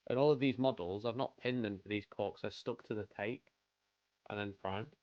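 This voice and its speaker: At a moderate pace, this fairly low-voiced man from the United Kingdom chats casually and greets viewers by name while painting miniatures on a live stream. The recording is muffled, with no echo.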